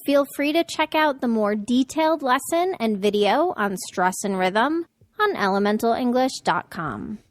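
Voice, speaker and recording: A woman presenting a scripted English pronunciation lesson, speaking clearly and deliberately and modeling sample words. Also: fairly high pitch, animated, no room sound.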